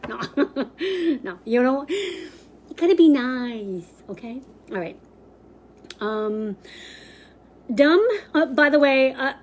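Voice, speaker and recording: A woman's voice: high-pitched, a little mellow. A woman teaching a sign language class live online, chatty and loose, with lots of fillers, restarts and laughter. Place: library.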